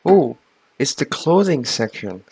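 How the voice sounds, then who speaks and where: A man's voice: mid-range voice, sing-song, unhurried, a little mellow, faint music behind. A man giving casual gameplay commentary, playful and joking, with sudden exclamations. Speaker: gaming YouTuber.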